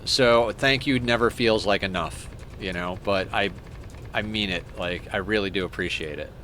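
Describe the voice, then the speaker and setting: A man's voice: lowish voice, moderate pace, sharp tone, slight background noise. A young man streaming a game, chatting casually, rambling and stammering as he thanks viewers. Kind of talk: casual live-stream chat while playing.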